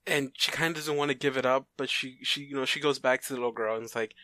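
A man's voice: mid-range voice, fast, hardly any pauses, sharp tone, dry recording. A man casually retelling a made-up story plot, rambling with fillers and restarts and briefly voicing the characters in quotes.

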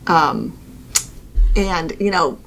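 A woman's voice: deep voice, expressive, very slow, gravelly, a bit bright. A woman co-hosting a podcast, chatting casually, laughing often and restarting her sentences. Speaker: podcast co-host. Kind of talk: casual chat.

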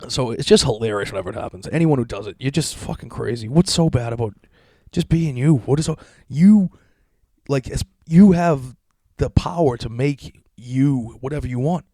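A man's voice: mid-range voice, normal speed, warm tone, no echo, studio quality. A young man from Massachusetts, ranting on a podcast in a crude, sarcastic, swear-heavy monologue.

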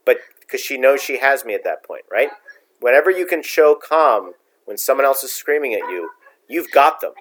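A man's voice: medium pitch, animated, moderate pace, slight background noise. Blunt, ranting middle-aged man. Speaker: podcast co-host. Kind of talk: casual political chat.

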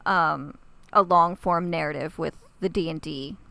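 A woman's voice: low-pitched, measured pace, vocal fry, bright, forceful tone, no echo. A woman co-hosting a podcast, chatting casually and gushing with enthusiasm. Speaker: podcast co-host. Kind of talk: casual chat.

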